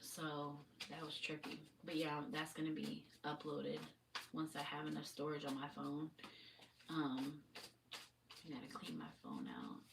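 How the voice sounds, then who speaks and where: Woman, deep voice, casual rambling live-stream talk, distant mic, faint background hiss. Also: animated, a little slow, gravelly. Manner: rambling, loose and swearing. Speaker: spiritual reader on a livestream.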